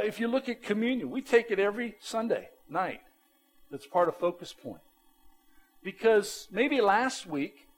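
A man preaching a sermon as a pastor, animated and emphatic, with a plain-spoken way of talking. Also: sits high, rough recording.

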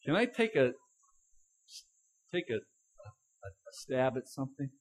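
A man's voice: medium pitch, sing-song, takes it slowly, poor audio. A middle-aged male pastor giving a sermon, telling a story in a chatty way with chuckles and stressing each word in scripture lists.

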